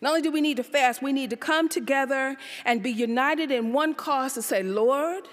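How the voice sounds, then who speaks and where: Animated woman preaching in a hall. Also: sits high, moderate pace, hardly any pauses. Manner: animated preaching, rhetorical questions, shouts. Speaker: pastor. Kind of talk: sermon. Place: church sanctuary. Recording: live church service in a reverberant hall.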